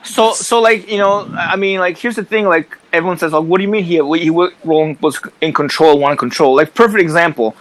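A man telling a wrestling backstage story in casual chat, animated and profane, acting out the quoted people and laughing along. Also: high-pitched, a little fast, hardly any pauses, dry recording, poor audio. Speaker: podcast co-host, former wrestler.

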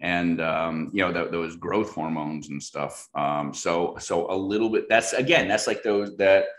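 A man's voice: low-pitched, a little slow, fairly bright tone, reverberant. A man speaking as the guest in a casual interview, rambling with lots of fillers and restarts. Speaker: guest product expert.

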